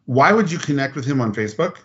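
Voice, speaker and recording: A man telling personal stories in a casual podcast chat, animated and blunt, acting out quotes and swearing freely. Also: mid-range voice, fast, dull audio. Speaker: podcast guest.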